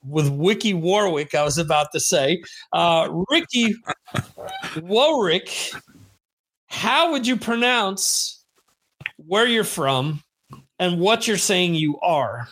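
Rambling, high-voiced American man chatting. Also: very animated, slow, a bit bright. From United States. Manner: rambling, self-deprecating, jokey. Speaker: podcast host. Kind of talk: casual chat on a live stream.

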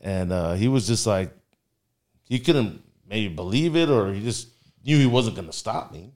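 A man's voice: lowish voice, lively intonation, moderate pace, darkish tone. Rambling man telling a story. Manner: rambling, heavy with filler words. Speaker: guest storyteller. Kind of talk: casual storytelling.

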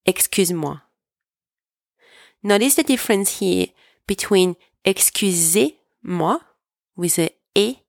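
Woman language teacher, lowish voice, very slow and patient drill delivery, dry close sound. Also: no room sound. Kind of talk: slow, clear language lesson with repeat-after-me drills.

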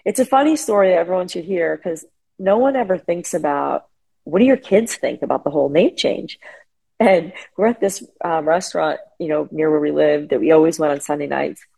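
A middle-aged woman sharing emotional personal stories as an interview guest over a remote call, animated and full of fillers. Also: low-pitched, a little fast, vocal fry, breathy edge, low-quality recording. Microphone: remote call connection.

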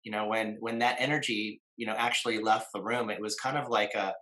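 A man in his fifties tells a personal story at length, halting often with fillers and starting phrases over. His voice sits a little low but sounds bright and forward. He slips into the voices of the people he quotes along the way. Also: fairly even intonation, rough recording. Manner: many fillers and restarts, acts out quoted voices. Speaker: guest. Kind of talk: casual storytelling in conversation.

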